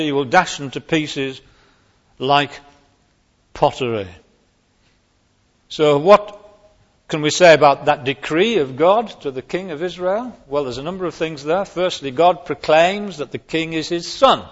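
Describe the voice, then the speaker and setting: Male preacher, slow and emphatic, slightly high voice, dull recording in a long-echo hall. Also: animated, fairly bright tone. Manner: emphatic, rising sharply on key words. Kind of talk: sermon.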